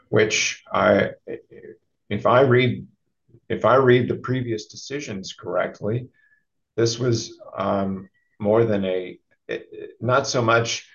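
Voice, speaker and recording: A man making a halting legal argument at a hearing, with many fillers and restarts. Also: fairly low pitch. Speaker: party at a land-use hearing. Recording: dull lo-fi recording.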